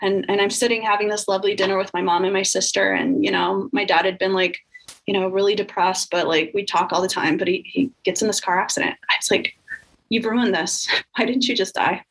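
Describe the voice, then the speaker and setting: A woman's voice: medium pitch, little pitch movement, fast talker, gravelly, low-quality recording. A woman guest recounting a painful family story in a candid, emotional conversational way, with many fillers. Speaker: podcast guest.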